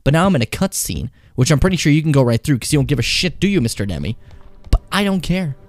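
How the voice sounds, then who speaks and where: Excitable, foul-mouthed young male streamer. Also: on the high side, fast, dry recording, faint music behind. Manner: excitable, swears a lot, taunts the game enemy, laughs often. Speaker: let's play streamer. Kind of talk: casual game commentary.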